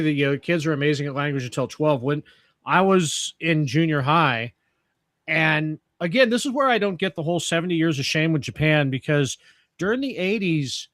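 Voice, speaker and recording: A man's voice: a little high, fairly bright tone, dry recording. A man hosting a casual chat, rambling and joking with the odd curse word.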